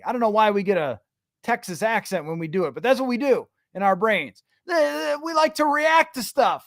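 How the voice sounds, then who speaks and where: A man's voice: sits high, animated, normal speed, fairly bright tone, dry recording, clean studio sound. A man hosting a sports podcast, chatting casually, answering listener questions and thinking aloud. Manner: conversational, thinks aloud with restarts. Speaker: podcast host.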